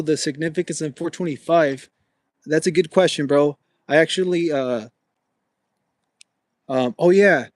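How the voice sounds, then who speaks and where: A man's voice: a little high, darkish tone, dry recording. A young man hosting a casual livestream while he walks, chatting with viewers and calling them bro. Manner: talks to chat viewers, says bro often; walking with a gimbal. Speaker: livestream host.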